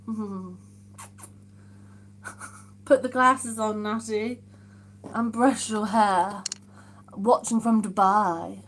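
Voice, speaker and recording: A woman's voice: mid-range voice, slow pace, pauses often, a little hiss or hum. A woman hosting a casual live stream from home, reading viewer comments aloud and reacting with amused exclamations. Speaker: livestream host.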